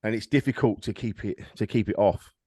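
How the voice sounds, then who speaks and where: A man's voice: fairly low pitch, fairly quick, dark tone, husky, no room sound. A man, a comedian guest on a podcast, telling a personal story in a frank, rambling, self-deprecating way. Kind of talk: candid conversational storytelling.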